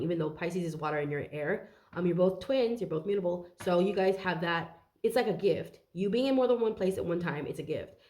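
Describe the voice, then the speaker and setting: A woman's voice: fairly low pitch, darkish tone. A young woman giving a casual, rambling tarot reading, out of breath and swearing now and then. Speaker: tarot reader.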